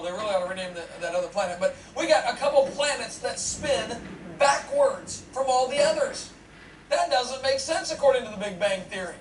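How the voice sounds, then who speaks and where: A man giving a humorous lecture to an audience, animated and joking, often asking the crowd questions. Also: very high-pitched. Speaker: seminar speaker. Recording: echoey hall, distant mic, noisy.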